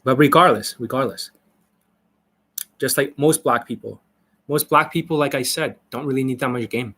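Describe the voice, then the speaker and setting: A man's voice: medium pitch, moderate pace, fairly bright tone. A man coaching on a live stream, answering viewers in a blunt, profane, rambling way. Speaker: dating coach.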